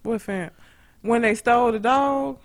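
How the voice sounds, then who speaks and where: A woman chatting on a podcast. She tells a story in an animated, profane way and laughs often. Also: on the high side, measured pace. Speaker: podcast co-host. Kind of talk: casual chat, storytelling.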